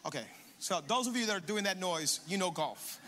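High, bright-voiced man preaching in a reverberant hall. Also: brisk, a little hiss or hum. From Hialeah, Florida. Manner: dynamic, animated preaching with congregation call-and-response. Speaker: pastor. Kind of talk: sermon. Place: large church auditorium. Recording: long hall reverb with faint music.

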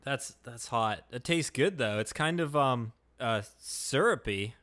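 A man hosts a comedy podcast and plays himself in an improvised skit. He rambles and hesitates as he goes, in an ordinary mid-pitched voice. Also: lively intonation, unhurried, fairly bright tone. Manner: hesitant and rambling, with many restarts and fillers. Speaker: podcast host.

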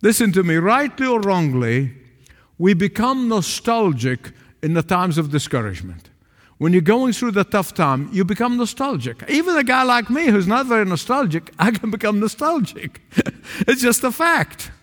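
A man preaching a sermon to a small congregation in a church, emphatic, swinging between raised calls and low, quiet asides. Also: sing-song, normal speed. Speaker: pastor. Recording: long reverb of a large hall.

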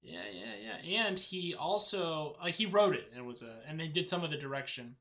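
A man co-hosting a podcast in casual chat, animated and quick to slip into mocking impressions. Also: on the high side, vocal fry. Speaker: podcast co-host.

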